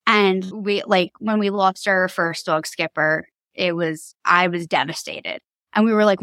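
A woman's voice: fairly low pitch, fairly even intonation, measured pace, a bit bright, no echo. A woman in her thirties from Long Island, New York, a podcast guest telling her family story in a candid, chatty way and laughing easily. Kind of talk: casual storytelling.

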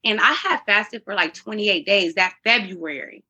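A woman speaks as an interview guest at normal speed, her medium-pitched voice pushed, bright, and edged with breath. She's candid, earnest, and faith-driven, often circling back with fillers and restarts.

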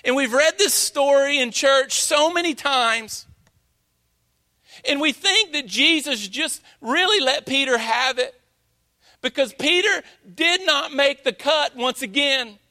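A man preaching a sermon in a church, with slow, dramatic emphasis. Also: very high voice, expressive, pushed and bright. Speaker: pastor. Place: church sanctuary.

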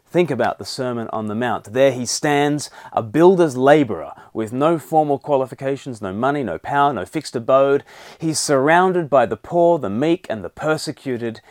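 A man preaching a sermon, rising in pitch and loudness to stress his key points. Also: no echo, studio quality.

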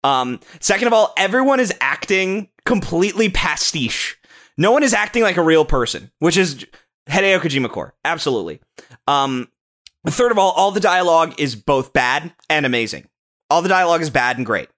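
A young man on a casual podcast, rattling off his opinions with excitement and plenty of swearing. His voice sits a bit higher than most men's. He trips over his own words and restarts often as he rushes ahead. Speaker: podcast co-host. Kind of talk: casual movie-review chat.

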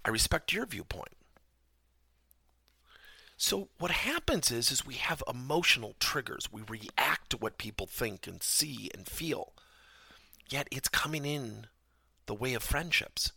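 A man's voice: lowish voice, gravelly, bright, forceful tone, slightly rough, no echo, studio quality. A man hosting a podcast lesson, telling personal stories and asking the listener emphatic rhetorical questions. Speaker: podcast host and workplace trainer.

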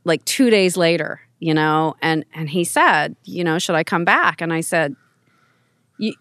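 Low-voiced woman telling family stories. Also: normal speed, dry recording, poor audio. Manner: emotional, animated, quotes family in raised voice, frequent restarts. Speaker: podcast guest. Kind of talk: casual conversational storytelling.

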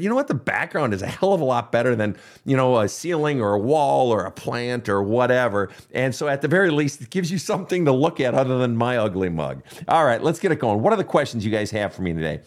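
Fast and very animated, this medium-pitched middle-aged man runs a counseling podcast in a casual advice monologue. Blunt and foul-mouthed, he dramatizes the outbursts of people he quotes.

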